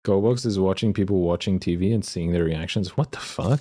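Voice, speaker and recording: A young man livestreaming, chatting casually and excitably with viewers and reading chat aloud. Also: deep voice, fairly quick, few pauses. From Australia.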